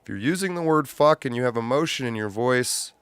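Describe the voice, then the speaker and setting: A man hosting a livestream in loose, profane, casual chat, breaking into loud laughs. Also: medium pitch, expressive, a little fast, clear, resonant tone, no room sound. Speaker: livestream host.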